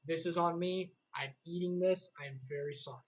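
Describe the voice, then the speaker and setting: A woman voicing a remorseful old male scholar who admits his wrongs in a lowered, contrite tone. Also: fairly even intonation, normal speed, lightly acted.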